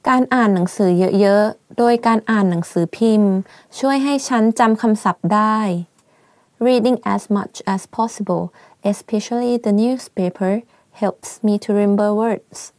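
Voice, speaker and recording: A woman's voice: medium pitch, rapid-fire, a little mellow, no room sound. A young Thai woman chats through a language lesson with a light, giggly ease and a Thai accent. Her voice sits in a middling register. The sound is close and dry, with no room around it. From Thailand. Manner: chatty, giggly, switches between Thai and English. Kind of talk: casual teaching vlog.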